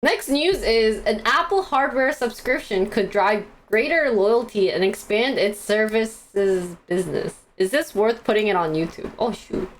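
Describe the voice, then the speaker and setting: A woman's voice: medium pitch, measured pace, hardly any pauses. A young woman hosting a live stream, chatting casually and giggling as she reads stock news and answers the chat.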